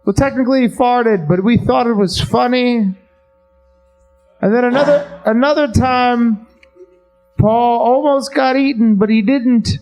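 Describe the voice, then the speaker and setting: A man voicing a grieving female gazelle who gives a long, halting eulogy on stage. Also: very high-pitched, darkish tone, soft background music, pitched above the performer's own voice, rough recording. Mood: mournful. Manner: halting, meandering.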